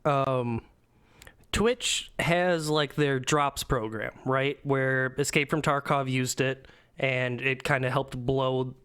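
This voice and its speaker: A man's voice: medium pitch, fairly even intonation, slow pace, a bit bright, smooth. A man co-hosting a casual gaming podcast, rambling with lots of fillers and casual swearing. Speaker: podcast co-host.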